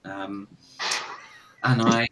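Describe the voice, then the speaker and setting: A man's voice: lowish voice, flat delivery, extremely slow, a bit bright. A man playing a tabletop role-playing game, thinking aloud and hesitating as he declares actions. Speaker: player. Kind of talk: casual tabletop play. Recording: distant from mic, faint noise.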